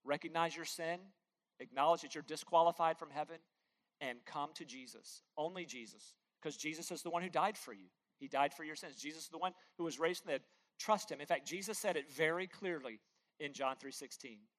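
Speaking briskly in a slightly high voice, a pastor pleads with his audience during a sermon, alternating emphatic, loud statements with quiet, whispered moments.

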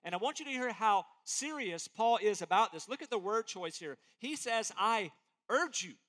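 A man preaching an expository sermon as pastor, emphatic and animated, acting out quotes as he goes. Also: high voice, normal speed.

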